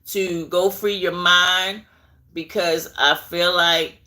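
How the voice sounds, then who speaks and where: A woman's voice: lowish voice, fairly even intonation, takes it slowly, bright, forceful tone. A woman giving a live tarot reading, chatting directly to her viewers and drifting into asides as she goes. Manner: chatty, addresses viewers directly, digresses while searching for things. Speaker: tarot reader.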